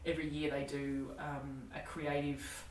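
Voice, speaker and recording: Low-voiced Australian woman storyteller in her forties. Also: flat delivery, measured pace, a little mellow, echoey room, far from the mic, a little hiss or hum, rough recording. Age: 40s. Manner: candid, swearing, laughing storyteller. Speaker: comedian guest. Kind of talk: casual storytelling chat.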